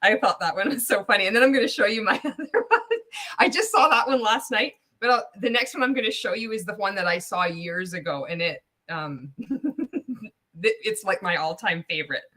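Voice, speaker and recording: A woman hosting a casual livestream reaction, talking to her viewers in a chatty way. She laughs often and her voice sits at an ordinary middle pitch. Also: animated, moderate pace, pushed and bright. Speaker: host.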